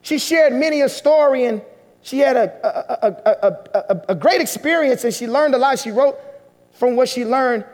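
A man preaching a sermon, telling a story with emotion and slow, deliberate pauses. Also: extremely high pitch, a little mellow. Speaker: pastor. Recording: long hall reverb.

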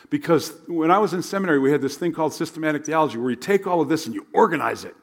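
A man preaching a sermon as a pastor, animated and conversational, sometimes dropping to a hush. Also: on the high side, very fast, few pauses.

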